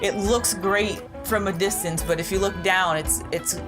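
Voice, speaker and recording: Middle-aged woman, podcast guest, casual rambling story, laughs often, medium pitch. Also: fairly even intonation, unhurried, music in the background.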